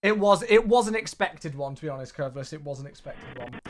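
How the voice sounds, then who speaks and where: A man's voice: lively intonation, quick pace, few pauses. A man, livestreaming a flight simulator and chatting casually as he greets his viewers one by one. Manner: upbeat, chatty, big swings in pitch and loudness.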